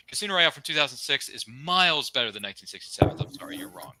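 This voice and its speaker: A young man co-hosting a casual fan podcast, gushing with enthusiasm and tossing in quick asides and pop-culture jokes. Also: medium pitch, lively intonation, sharp tone, slight background noise. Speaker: podcast co-host.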